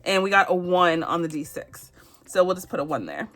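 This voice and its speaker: A woman's voice: on the low side, animated, a little fast, fairly bright tone. A woman from Barbados hosting a casual savings challenge vlog, chatting and laughing often as she goes. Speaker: budgeting channel host.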